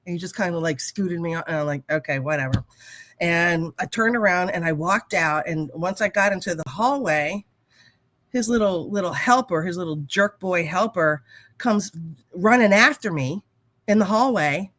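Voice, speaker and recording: A woman co-hosting a casual talk show and telling a story in a blunt, animated way, swearing freely. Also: lowish voice, normal speed, no echo. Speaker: talk show co-host, hypnotherapist.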